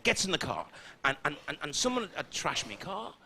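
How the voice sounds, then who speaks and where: Man, Scouse accent, stand-up comedy, lively pitch, bright tone, faint background noise. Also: fast talker. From Liverpool, England. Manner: brash, crude, swearing punchlines. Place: theatre stage with audience.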